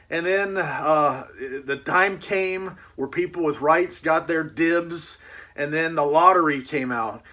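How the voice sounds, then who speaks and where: A man's voice: a little high, fairly bright tone. A man hosting his book channel, chatting casually and telling rambling, folksy stories while he unboxes a package.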